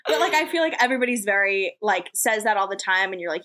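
A woman from Los Angeles co-hosting a casual podcast, animated and joking, with lots of "like" fillers. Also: mid-range voice, quick pace. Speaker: podcast co-host and competitor.

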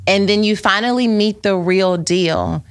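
A woman's voice: medium pitch, a little slow. A woman hosting a casual faith-based conversation, who breaks in with emphatic, preachy asides to her listeners. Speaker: host.

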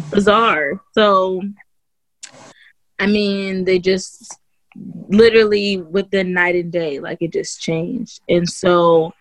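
A woman guest on an interview show shares her own birth story in a casual, chatty way, packed with "like", "you know", and restarts, voicing others' lines in a raised voice. She speaks slowly in a fairly low, steady tone, with no room sound.

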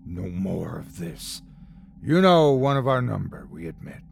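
A man voicing a stern, deep-voiced cult member who speaks deliberately. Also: very animated, vocal fry, a little hiss or hum, exaggerated voice.

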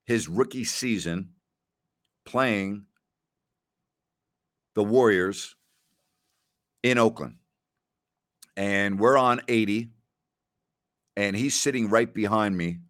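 Guy with a low voice taking listener questions, rambles and repeats stuff, laughs a lot. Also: takes it slowly, pauses often, a bit bright, dry recording, studio quality. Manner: rambling storyteller who repeats phrases and laughs often. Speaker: podcast host. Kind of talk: casual solo chat answering listener questions.

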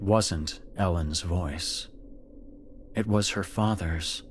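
A man narrating a scripted horror story in a measured, dramatic way. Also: deep voice, a little hiss or hum.

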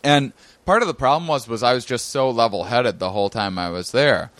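A male comedian telling a rambling, animated story in casual chat, acting out the other people in it and laughing often. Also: medium pitch, brisk, no room sound. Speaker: comedian guest.

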